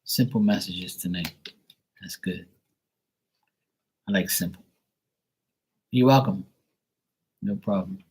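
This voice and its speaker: A man's voice: low-pitched, slow, pauses often, breathy edge. A young man giving live tarot readings, chatting loosely and swearing casually while he reads messages to viewers. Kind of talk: casual livestream chat.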